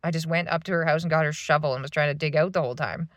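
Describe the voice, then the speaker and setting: A woman's voice: sits low, steady tone, racing, dry recording. A woman in her thirties venting in a rambling, swearing monologue from a parked van. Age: 30s. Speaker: vlogger.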